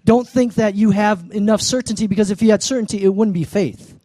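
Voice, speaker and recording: A man preaching a sermon as a pastor, animated, acting out the people in his story and calling for an amen. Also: high-pitched, brisk, no room sound. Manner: calls to the congregation for an amen.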